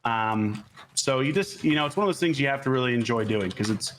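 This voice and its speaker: A man's voice: mid-range voice, animated, a little fast, slight background noise. A laid-back man from Florida, an actor guest on a podcast who tells stories and swears freely while chatting casually during a game.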